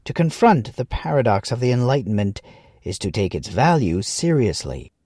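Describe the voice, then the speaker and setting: A man narrating a scripted essay in a measured, earnest way, leaning into quoted lines. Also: mid-range voice, very animated, a little mellow, husky, no echo, clean studio sound.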